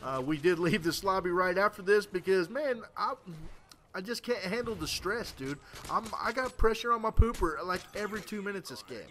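A man's voice: high voice, expressive, normal speed, sharp tone, a little hiss or hum. A tired man doing casual game commentary, rambling crudely and stammering through restarts. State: tired late at night. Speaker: gameplay commentator.

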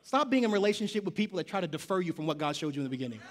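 A male pastor preaching a lively sermon in a church, shouting call-and-response lines and dropping slangy jokes and asides. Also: sits high, rapid-fire, noisy background. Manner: casual slangy asides and joking. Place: church sanctuary.

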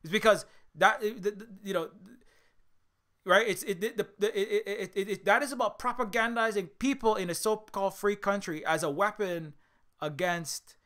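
A man's voice: high voice, moderate pace, pushed and bright. A man from Hawaii giving a heated unscripted monologue, repeating words and restarting his sentences. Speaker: video essayist.

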